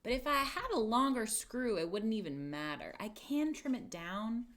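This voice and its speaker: Woman, casual livestream chatter, nervous, swears a lot, talks to her tools, very lively pitch. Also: moderate pace. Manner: talks to herself and the objects. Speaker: streamer. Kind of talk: casual livestream chat while crafting.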